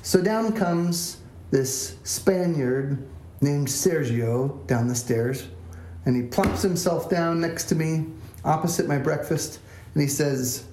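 A man's voice: fairly high pitch, takes it slowly, darkish tone, slight background noise. A man, a pastor, telling a self-deprecating story as a sermon in a church. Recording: echoey church room.

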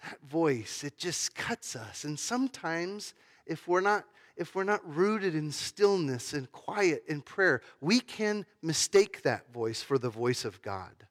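A man's voice: a little high, fairly bright tone. A man giving a sermon as pastor, talking in a conversational way with fillers and restarts.

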